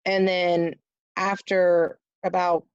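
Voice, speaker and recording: A woman's voice: lowish voice, little pitch movement, slow pace, smooth, no echo, highs cut off. A woman from rural Florida, a guest telling a childhood story in a chatty way full of fillers. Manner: chatty, lots of "like" and "um". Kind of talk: casual storytelling.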